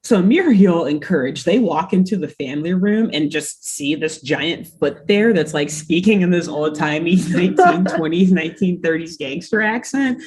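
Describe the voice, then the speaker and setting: A woman's voice: lowish voice, animated, moderate pace, hardly any pauses, darkish tone. A woman hosting a podcast, chatting casually and giggling as she recaps a cartoon episode. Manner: giggly, chatty, filler-heavy. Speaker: podcast host.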